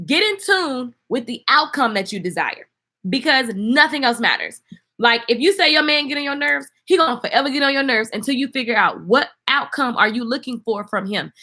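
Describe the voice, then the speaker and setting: A woman's voice: high-pitched, pushed and bright. A woman hosting a casual livestream, chatty and laughing, talking straight to her viewers. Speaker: livestream host selling an online course. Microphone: phone.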